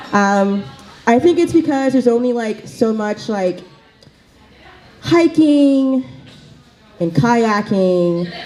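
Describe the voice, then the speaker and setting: A woman's voice: medium pitch, dark tone, rough recording. A woman doing a stand-up comedy set in a small cafe, chatty and full of fillers and asides.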